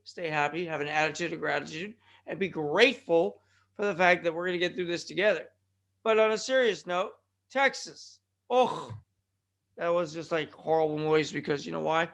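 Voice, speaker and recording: High, bright-voiced rambling podcast host man. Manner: joking, self-deprecating, rambling with tongue-tied restarts. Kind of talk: rambling solo podcast monologue. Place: California.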